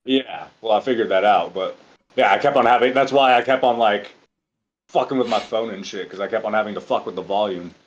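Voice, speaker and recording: A man's voice: on the low side, brisk, highs cut off, a little hiss or hum. A man co-hosting a podcast over a video call, talking in a laid-back, profane way and laughing easily. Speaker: podcast co-host.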